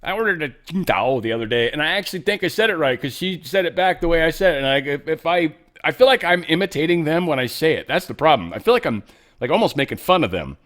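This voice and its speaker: A man's voice: fairly high pitch, lively intonation, fast, a bit bright. A man hosting a casual political commentary show, rambling with frequent fillers and restarts. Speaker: show host.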